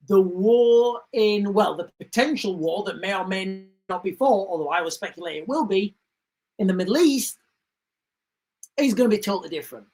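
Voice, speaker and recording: A man's voice: sits high, rough recording. A man hosting a livestream, talking in an emphatic, repetitive way and acting out stories with sound effects. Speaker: livestream host. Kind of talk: casual commentary livestream.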